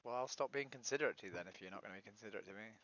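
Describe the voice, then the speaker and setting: A woman's voice: a bass voice, racing, fairly bright tone, no echo. A woman, streaming on a video chat site and pressing strangers with direct, persistent questions. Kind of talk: casual argumentative chat. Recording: dull lo-fi stream audio.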